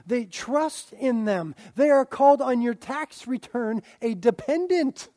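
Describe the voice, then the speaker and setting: A young man preaching a sermon, animated, with joking asides and loud emphatic stretches. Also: very high-pitched, measured pace, no echo, clean studio sound. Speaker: pastor.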